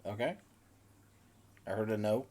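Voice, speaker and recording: Low-voiced man running a tabletop game. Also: unhurried, mellow. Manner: hesitant, many fillers. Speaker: game master.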